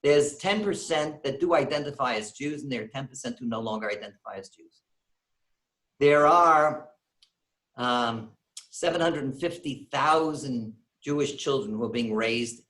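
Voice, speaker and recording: Speaking at normal speed in a mid-range voice, a man retells a comic story during a synagogue-hall lecture, acting out the characters' voices and chuckling at his own jokes. Audio quality is poor and the room echoes.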